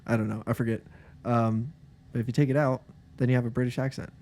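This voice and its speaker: A man's voice: mid-range voice, steady tone, fast talker, a little mellow. Laid-back joking man on a podcast. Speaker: podcast co-host. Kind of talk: casual chat.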